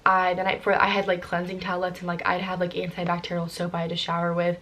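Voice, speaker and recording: A young woman vlogger telling a personal story in casual chat, rushing along with lots of "like" and "um". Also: fairly low pitch, monotone, fairly bright tone. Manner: rushed, filler-heavy with constant "like" and "um".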